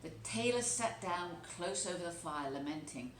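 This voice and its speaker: A woman teacher reading a children's storybook aloud, telling it with expressive, animated delivery. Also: fairly low pitch, normal speed, hardly any pauses. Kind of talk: storybook read-aloud narration. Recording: echoey room, faint background noise.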